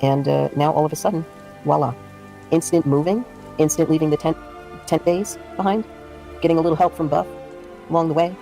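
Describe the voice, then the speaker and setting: A woman streamer tears into the drama in casual livestream commentary, indignant and cursing freely. Her voice is dark and mellow, with a little music playing faintly underneath. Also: low voice, fairly even intonation, a little fast, creaky, pauses often. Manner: heated, profane, indignant ranting.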